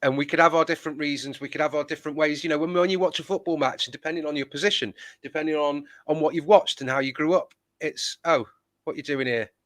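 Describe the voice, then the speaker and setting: A man's voice: on the high side, fairly even intonation, fast, few pauses, a bit bright, no room sound. A man hosting a football fan phone-in, talking in a hesitant, searching way with many fillers. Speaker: fan channel host. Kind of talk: casual phone-in chat.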